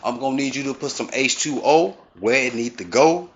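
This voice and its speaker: A man's voice: mid-range voice, fairly quick, a little hiss or hum. Man ranting preachily on lo-fi audio. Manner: preachy, repetitive, emphatic. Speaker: comedic video host. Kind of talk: comedic rant to camera. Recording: dull lo-fi sound.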